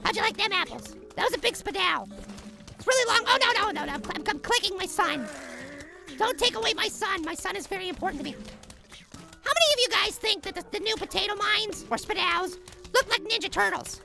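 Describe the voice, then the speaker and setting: A man voicing a tiny, excitable cartoon apple boy in frantic let's play commentary, yelling at the game. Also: fairly quick, gravelly, full character voice. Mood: frantic excited. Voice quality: squeaky, sped-up high voice. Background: game music.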